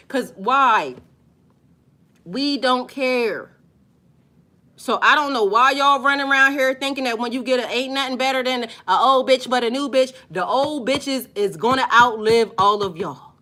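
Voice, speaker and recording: A woman talks straight to her viewers in a high, bright voice. She is blunt and profane, leans hard on her points and drags out the words she stresses. It sounds like an unscripted video talk. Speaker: spiritual life coach.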